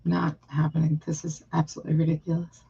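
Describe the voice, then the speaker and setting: A woman's voice: sits low, completely flat delivery, quick pace, gravelly, mellow, husky, dull audio. Frustrated woman rambling on a live stream. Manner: frustrated, rambling with many fillers. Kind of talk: casual live stream chat.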